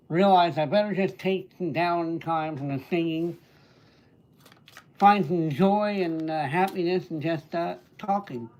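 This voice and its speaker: A man hosting a live stream, a livestreamer and entertainer, casually says hello to viewers by name and answers what they ask in the comments. His voice is a little high and a little mellow.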